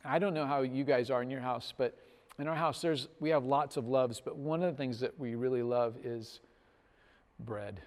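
Animated male pastor in a reverberant hall. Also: medium pitch, moderate pace. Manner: animated storytelling, swells loud on punchlines, drops soft at ends. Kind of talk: sermon.

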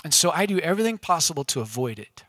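A male pastor preaching in a relaxed, conversational way. He often checks in with his audience through quick questions. His voice is bright and fairly high, and it sounds close and dry. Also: dry recording. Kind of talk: casual sermon. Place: church room with an audience.

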